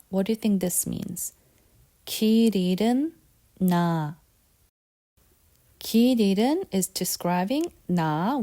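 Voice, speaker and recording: A woman's voice: mid-range voice, dark tone. A woman teaching vocabulary at a patient pace, repeating words and quizzing the listener. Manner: patient and repetitive, asks quiz questions. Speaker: Korean language teacher. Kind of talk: lesson.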